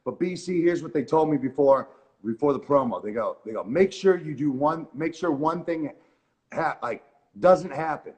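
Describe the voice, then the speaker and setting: A man's voice: fairly high pitch, normal speed. A man being interviewed, telling a story casually, cursing often and saying "like" a lot, with a Southern Californian accent. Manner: profane, excitable, lots of "like" and "man". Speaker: guest wrestler.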